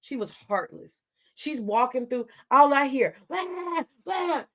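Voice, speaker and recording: A woman talks straight to her livestream chat. Her voice sits somewhat high, and she argues in a confrontational, profane, unfiltered way. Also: animated, unhurried. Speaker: livestream host.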